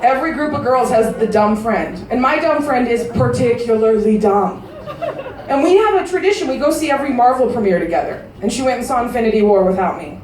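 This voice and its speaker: A woman in her thirties doing a crude stand-up comedy set, delivering brash, deadpan punchlines to a live audience in a large casino showroom. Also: a little high, fairly quick, distant mic, noisy background. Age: 30s. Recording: roomy live-venue recording from afar.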